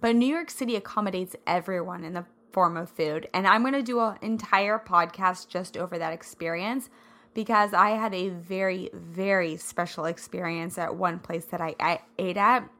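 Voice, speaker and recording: Bright, slightly hoarse woman podcaster. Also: on the low side, normal speed. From American Midwest. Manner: bubbly and chatty, laughs often. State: slightly hoarse, scratchy throat. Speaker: podcast host. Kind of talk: casual solo podcast chat.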